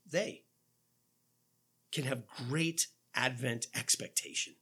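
A man's voice: fairly high pitch, takes it slowly, pauses often, sharp tone, slightly rough. A man preaching a sermon as pastor, earnest and full of rhetorical questions. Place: church.

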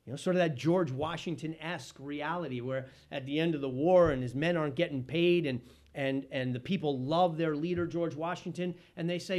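A man preaching a sermon as pastor, animated, swinging between loud emphasis and hushed tones. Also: on the high side, brisk.

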